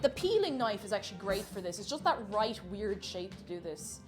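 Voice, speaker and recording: A woman's voice: medium pitch, big pitch swings, fairly quick, faint music behind. A woman with an Irish accent chatting casually with viewers while she cooks on a live stream. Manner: chatty, reads chat aloud and answers viewers.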